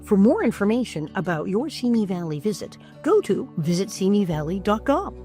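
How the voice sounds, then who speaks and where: A woman reading a scripted sponsor ad in a smooth, promotional manner. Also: mid-range voice, sing-song, normal speed, warm tone, soft background music. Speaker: sponsor announcer. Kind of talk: scripted ad read.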